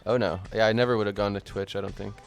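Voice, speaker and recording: A man hosting a live-streamed talk show, chatting casually in a relaxed, rambling way with occasional chuckles. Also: lowish voice, rapid-fire, vocal fry, faint music behind. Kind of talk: casual chat.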